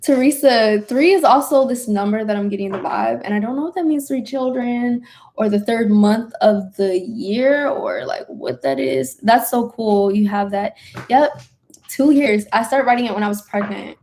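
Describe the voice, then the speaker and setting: A young woman hosting a spiritual livestream, gushing and excitable as she talks straight to viewers and chats about their comments. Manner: quick bursts of high excited exclamations. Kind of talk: casual livestream chat reading comments.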